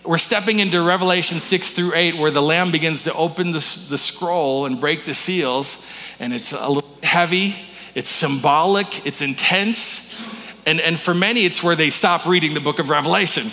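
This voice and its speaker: Male pastor, higher bright voice, chatty sermon full of questions to the room, long hall reverb. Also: moderate pace. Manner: conversational, restarts words, asks the congregation questions. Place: church sanctuary.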